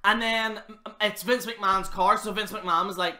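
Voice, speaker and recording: Bright-voiced swearing male reviewer. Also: high voice, fairly even intonation, brisk, soft background music. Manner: swears freely, rambling and mocking. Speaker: wrestling show reviewer. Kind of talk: casual profane review rant.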